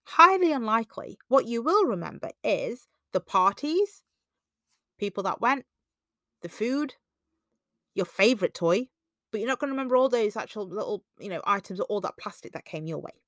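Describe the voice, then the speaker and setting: A woman's voice: sing-song, moderate pace, a bit bright, no room sound, clean studio sound. A woman hosting a self-help podcast, talking conversationally and acting out quoted voices. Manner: conversational, acts out quoted voices with big pitch jumps. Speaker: podcast host.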